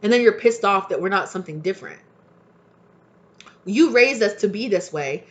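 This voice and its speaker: A woman's voice: mid-range voice, animated, normal speed, pauses often. A young adult woman, a tarot reader, talking casually to camera in a heated, passionate rant with swearing.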